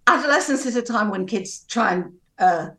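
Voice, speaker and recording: A woman, an educational psychologist, speaking as a guest in a radio debate in a measured, calm, reasoning way. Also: fairly high pitch, echoey room.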